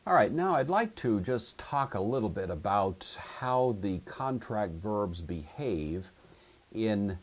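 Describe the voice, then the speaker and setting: A man with a low, slightly husky voice gives a patient grammar lecture. He walks through each rule step by step and stops to check that his listeners follow. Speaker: Greek teacher. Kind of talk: recorded classroom lecture.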